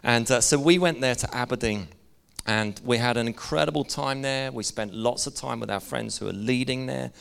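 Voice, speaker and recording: A man's voice: medium pitch, moderate pace, vocal fry, a bit bright, clear, resonant tone. A middle-aged man, preaching a sermon in an earnest, conversational way and sharing personal stories. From Northern Ireland. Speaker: pastor.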